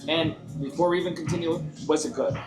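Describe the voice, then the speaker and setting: A man in his forties tells a travel story in a slightly high voice, earnest and casual. He is in an echoey room with clear music underneath. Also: quick pace. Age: 40s. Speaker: travel vlogger. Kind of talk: casual chat.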